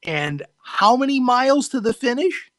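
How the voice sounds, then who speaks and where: A man's voice: extremely high pitch, very animated, moderate pace, fairly bright tone, no echo. Man, radio host, easygoing, laughs along, dry close mic. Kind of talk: casual radio chat.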